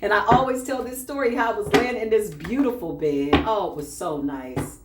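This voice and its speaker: A woman doing a spiritual reading, telling a personal story in a casual, animated way and often acting out what others said. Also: medium pitch, normal speed. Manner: animated, acts out quoted voices, laughs often. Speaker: spiritual reader. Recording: echoey room with faint background noise.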